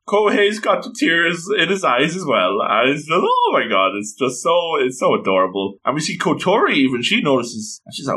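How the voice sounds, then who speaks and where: A man casually reading through a manga chapter, gushing over it and doing quick voices for the characters. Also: medium pitch, big pitch swings, sharp tone. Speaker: manga reader and reviewer. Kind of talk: casual read-through commentary.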